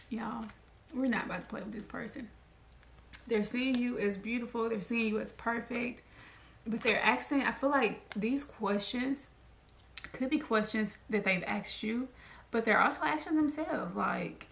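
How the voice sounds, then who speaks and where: A slightly high-voiced woman chats through a tarot reading, laughing often and acting out the messages she draws. Her voice has a gravelly fry. The room is echoey, with a faint hiss underneath. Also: unhurried, pauses often. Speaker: tarot card reader. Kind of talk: casual tarot reading to camera.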